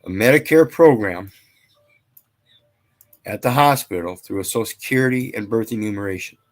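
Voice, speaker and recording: A man's voice: fairly low pitch, normal speed. A man lecturing casually, reading out statute numbers and scripture in a rambling, preachy way. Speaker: channel host.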